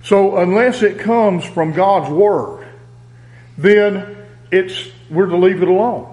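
A man preaching a sermon, reading scripture aloud in a deliberate, emphatic way. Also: sits high, animated, a little mellow, rough recording.

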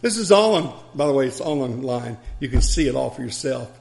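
A man's voice: medium pitch, steady tone, a little fast, gravelly, a little mellow. A man preacher delivering a sermon, telling stories with chuckles and asides.

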